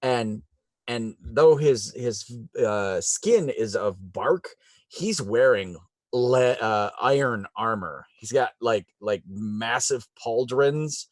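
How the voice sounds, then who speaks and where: A male game master describing a scene at his own unhurried pace, stopping often for fillers and restarts. The mic is dry and close, with no room sound. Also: mid-range voice, animated, no room sound. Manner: rambling, with many fillers, laughing often. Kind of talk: narrating a tabletop game.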